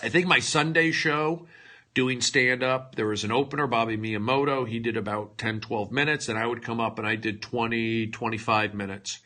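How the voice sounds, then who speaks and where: A male comedian rambling through a livestream monologue, lurching between loud outbursts and hushed mutters, with mock-dramatic, self-mocking asides into a phone. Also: medium pitch, fairly even intonation, moderate pace.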